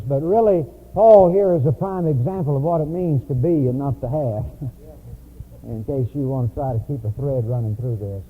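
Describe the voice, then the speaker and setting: A man preaching a sermon in a church, telling stories in a conversational way. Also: on the high side. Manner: storytelling, conversational. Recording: tinny lo-fi phone-like recording.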